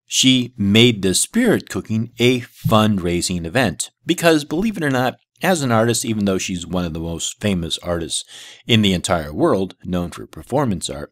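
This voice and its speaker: A man with a lowish voice that swings up and down a great deal as he mocks what he hears. He talks with open sarcasm and exasperation, cutting in to debunk a video. The sound is close and dry, with no room around it. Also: expressive, normal speed, no echo. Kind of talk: reaction commentary.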